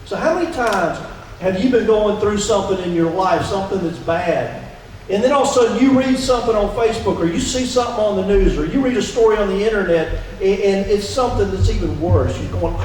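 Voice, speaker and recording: A high-voiced male pastor preaches in an easy, conversational way, firing questions at his congregation. He sounds set back from the microphone, with the church sanctuary ringing strongly around him and a faint hiss underneath. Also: lively intonation, fairly quick, a little mellow. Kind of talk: sermon. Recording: echoey church hall from a distance.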